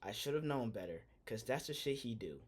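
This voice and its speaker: A young man streaming a casual reaction, talking loudly in slangy, animated exclamations. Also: mid-range voice, brisk, slight background noise. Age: young adult.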